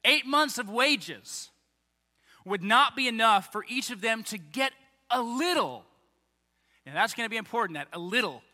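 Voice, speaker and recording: A man preaching a sermon as a pastor, animated and acting out the voices of the people he quotes. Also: sits high, moderate pace. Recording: long reverb of a large hall.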